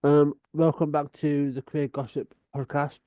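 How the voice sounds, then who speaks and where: A man co-hosting a casual podcast, talking haltingly with many ums and restarts. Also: on the high side, flat delivery, lo-fi sound. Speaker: podcast co-host.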